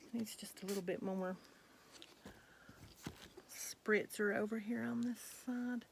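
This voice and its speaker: A middle-aged woman, chatting casually to her viewers as the host of her own channel, gushing in a soft, drawn-out way. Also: medium pitch, slight background noise. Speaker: reborn doll collector and channel host.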